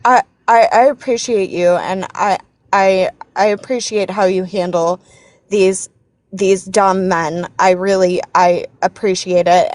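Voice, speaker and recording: Speaking at medium pitch with no room sound, a woman calling into a live stream rants passionately about politics. She's angry and shaken, hammers her points, repeats herself, and restarts her sentences.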